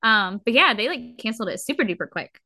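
A young woman co-hosting a casual podcast chat, animated and opinionated, acting out her own reactions. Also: a little high, fast, dry recording, clean studio sound. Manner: animated, opinionated, quotes herself in lively bits.

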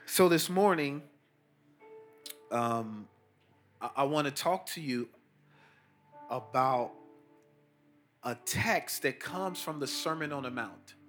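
A man's voice: slow, pauses often, pushed and bright, faint music behind. A middle-aged man preaching a sermon with emphatic, rising delivery and casual slang. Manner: emphatic preaching that rises high on key points, casual slang. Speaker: pastor, team chaplain.

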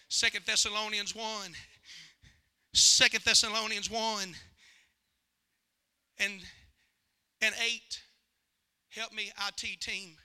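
A man preaching a revival sermon in a church, moving from quiet storytelling to shouted, fervent appeals. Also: sits high, little pitch movement, slow pace, pauses often, clean tone. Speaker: guest preacher. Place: church sanctuary.

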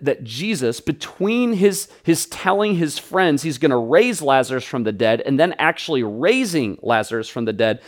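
A man preaching a sermon as pastor, animated, with quick stuttered restarts, acting out the people in the story. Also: a little high.

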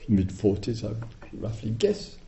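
A middle-aged man giving a dharma talk as a meditation teacher, telling stories in an animated way and chuckling often. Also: lowish voice, unhurried, gravelly. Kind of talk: dharma talk to retreat audience. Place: retreat hall. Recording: roomy, slightly dull hall recording.

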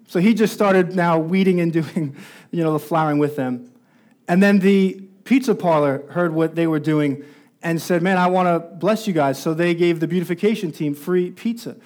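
A man's voice: high voice, a little mellow. A man preaching a sermon as pastor, telling a story and growing more intense as it builds. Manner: storytelling, rising intensity at climaxes.

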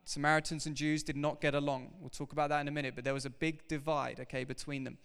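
A man preaching a sermon to his congregation, animated and emphatic, talking straight to the people in front of him. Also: on the high side, quick pace, clear, resonant tone. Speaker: pastor. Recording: reverberant hall.

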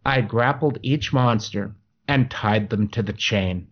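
A man's voice: fairly low pitch, measured pace, breathy edge, highs cut off. A man co-hosting a casual podcast chat about tabletop games, rambling with repeated words and frequent laughs. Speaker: podcast co-host.

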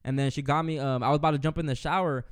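A man's voice: fairly high pitch, rapid-fire, clear, resonant tone, no echo, clean studio sound. A man in casual chat who tells stories vividly and acts out what his relatives said. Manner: animated storyteller, acting out relatives' words.

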